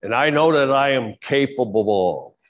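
Man, pastor, fervent sermon, unhurried delivery, sudden shouts. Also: medium pitch, expressive. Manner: fervent preaching that swings from quiet to shouting.

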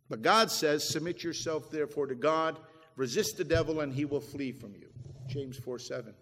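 This pastor preaches a sermon in a high, slightly bright voice at a moderate pace, swelling and dropping it for emphasis as he quotes scripture. The recording comes from an echoey hall with long reverb.

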